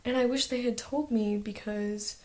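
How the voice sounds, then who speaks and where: A woman's voice: a little high, steady tone, normal speed. A teenage girl talking in a casual video diary as an exchange student, chatty and full of "like" fillers.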